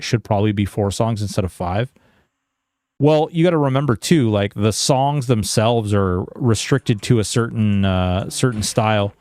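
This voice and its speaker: A man's voice: on the low side, a little mellow, no room sound, studio quality. A man streaming a game in casual chat, reading viewer messages aloud and talking freely with lots of fillers.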